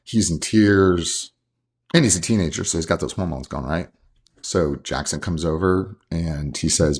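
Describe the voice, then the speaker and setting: A man's voice: low voice, unhurried, slightly rough. A man in his forties, a coach and father, talking earnestly and from the heart in a casual interview, often restarting his sentences. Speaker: coach and father, podcast guest.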